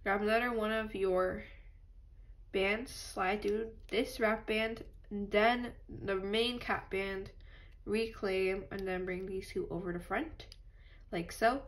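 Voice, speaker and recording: A woman with a stuffy nose from allergies, calmly talking through a step-by-step craft tutorial and apologizing now and then. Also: mid-range voice, slow. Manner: patient, apologetic instructions.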